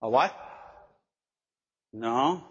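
A man preaching a sermon, slow and emphatic, often putting questions to his listeners. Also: medium pitch, lively intonation. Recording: dull lo-fi recording in a reverberant hall.

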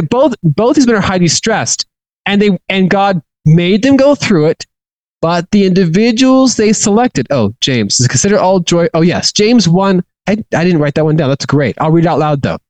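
Chatty, halting male Bible teacher. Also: fairly high pitch, no echo, low-quality recording. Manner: chatty, halting with frequent restarts and chuckles. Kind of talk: informal teaching talk.

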